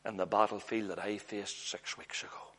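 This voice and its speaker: A man preaching a sermon in an earnest, storytelling way, often letting his voice drop low and hushed. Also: flat delivery, moderate pace.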